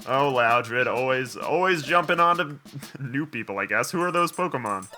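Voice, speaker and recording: A man's voice: mid-range voice, lively intonation, moderate pace, pushed and bright, soft background music. A man hosting a game playthrough, chatting casually and reading game dialogue aloud with joking asides. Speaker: let's play host.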